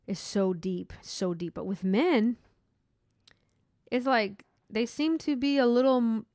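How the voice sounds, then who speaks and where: A woman's voice: mid-range voice, darkish tone, dry recording, studio quality. A woman who works in hospital imaging, talking earnestly and rambling with restarts in a casual spiritual monologue. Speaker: hospital MRI worker.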